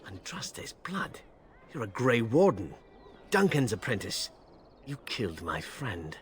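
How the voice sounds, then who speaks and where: A man's voice: lowish voice, very animated, slow pace, slight background noise. An actor playing a drunk man in a video game who picks a fight, slurring and blustering. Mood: accusing.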